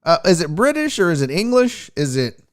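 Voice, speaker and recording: A man with a high, very lively voice hosts a sports show from a home setup. He talks casually, swears freely and teases his viewers. His pitch leaps up and down as he riffs. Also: a little fast. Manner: animated, profane, teasing the chat. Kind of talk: profane casual livestream chat.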